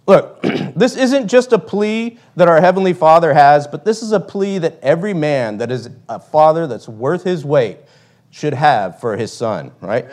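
High, lively male preacher. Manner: emphatic, repeats "right?", reads old-style scripture. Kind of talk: sermon.

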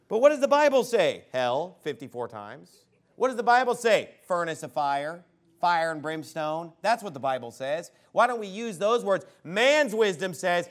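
A man with a high voice preaches a fiery sermon from a church pulpit. He breaks into sudden shouts. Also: very animated, moderate pace. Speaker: pastor.

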